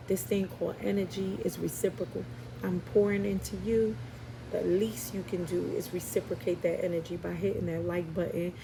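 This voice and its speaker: New york lady doing a tarot reading, gravelly lowish voice, heartfelt and preachy, noisy background. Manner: heartfelt, preachy, addresses viewers as y'all and baby. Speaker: tarot reader. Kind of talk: spiritual tarot reading to viewers. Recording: noisy home recording.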